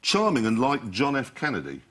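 A man's voice: medium pitch, huge pitch swings, brisk. A man hosting a comedy panel show, teasing and quizzing the panel in a TV studio. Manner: teasing, mocking. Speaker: guest host of a panel show. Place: TV studio before live audience. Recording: TV studio with loud audience.

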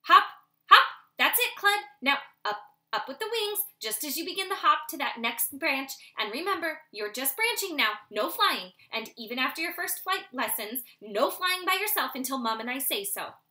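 A woman's voice: high voice, very animated, normal speed, sharp tone, voice pushed up, exaggerated voice. A woman voicing a strict male owl father lecturing his young son. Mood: stern lecturing.

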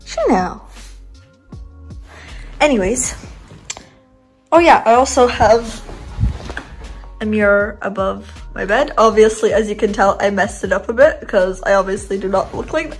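A woman's voice: mid-range voice, unhurried, long pauses, faint music behind, poor audio. A woman in her twenties giving a casual bedroom tour, chatty and rambling with little giggles, filming on a handheld phone in her bedroom. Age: 20s. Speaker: vlogger. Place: bedroom, indoors.

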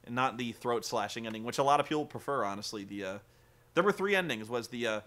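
A man's voice: mid-range voice, expressive, quick pace, fairly bright tone. A young man rambling through a casual, profane film review, laughing often and acting out characters in quoted voices. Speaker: vlogger.

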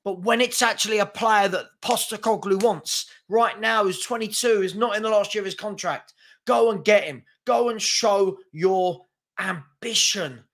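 A man's voice: sits high, moderate pace, fairly bright tone. A man, hosting a football fan channel and ranting in anger, with repeated rhetorical questions. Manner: exasperated, repetitive rhetorical questions. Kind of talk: angry fan rant to camera.

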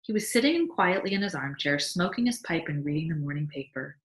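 A woman teacher reading a short story aloud to a class, animated, with small restarts and asides. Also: low-pitched, brisk, low-quality recording. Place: classroom or school library.

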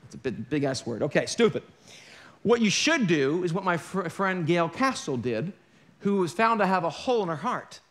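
A man's voice: high-pitched, sing-song, moderate pace, a bit bright. A man preaching a sermon in a church, talking to the congregation in a conversational way with wry, joking asides. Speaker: pastor. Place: church sanctuary.

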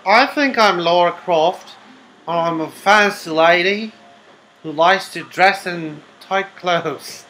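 A man's voice: high voice, bright, forceful tone, voice pushed up, exaggerated voice, rough recording. A man putting on a mock-British Lara Croft. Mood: smug. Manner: exaggerated, slow put-on voice. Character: mock posh female adventurer, cheeky and boastful.

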